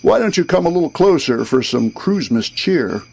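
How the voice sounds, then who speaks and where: A man voicing a drunken, boastful old Santa figure on a boat, loud and jovial in a comic rhyming poem. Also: a little high, sing-song, moderate pace, vocal fry, husky, heavily acted. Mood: boozy, jolly.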